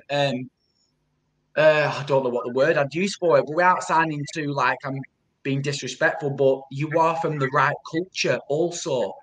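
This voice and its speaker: A man speaking as a guest on a video call, giving emotional personal testimony in an earnest, halting way, often repeating words. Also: on the high side, a bit bright, low-quality recording. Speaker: guest, trauma support group founder.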